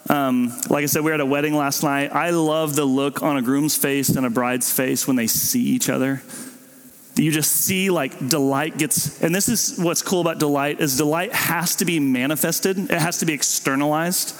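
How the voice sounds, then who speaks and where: A young adult male pastor preaching a casual, animated sermon, slipping into playful voices for babies and parents. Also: fairly high pitch, normal speed. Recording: long hall reverb.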